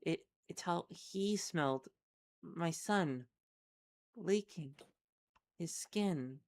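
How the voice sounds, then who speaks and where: A woman's voice: fairly low pitch, very slow, a little mellow. A woman reading as a queasy, hesitant patient. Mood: uneasy. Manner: hesitant, plainspoken. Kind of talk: reading a webcomic aloud with voices.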